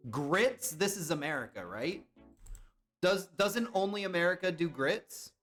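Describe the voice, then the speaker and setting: A young man chats casually with his live-stream viewers, throwing out guesses and responding to comments as he goes. His high voice swings widely in pitch, expressive and a bit bright, at a measured pace. Faint music plays in the background.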